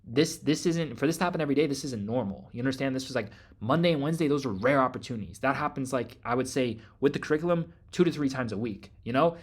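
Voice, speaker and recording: A man hosting a trading group, delivering a hyped promotional rant, loud and emphatic, swearing constantly and repeating himself. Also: medium pitch, fast, hardly any pauses, husky.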